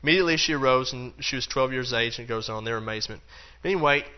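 A man's voice: mid-range voice, very fast, highs cut off. A man teaching a Bible lesson in a loose, conversational way, acting out the quotes and dropping in plenty of fillers. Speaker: preacher.

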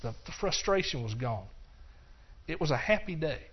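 An older man preaches his own testimony in an earnest, repetitive way. His voice sits a little high, and he moves between hushed, slow stretches and passionate bursts. The recording is dull and lo-fi. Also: sing-song, slightly rough. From Texas. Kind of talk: testimony sermon.

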